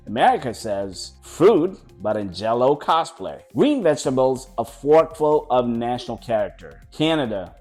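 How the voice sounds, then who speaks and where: A man's voice: mid-range voice, darkish tone. A man giving scripted narration for an explainer video, delivering facts in clipped lists with playful one-liners.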